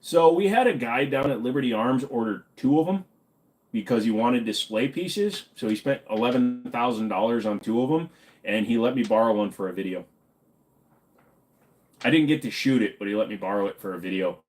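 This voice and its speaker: A man's voice: mid-range voice, expressive, brisk, darkish tone. A man hosting a casual livestream, reading chat questions aloud and answering them in an offhand, joking way. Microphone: desk microphone.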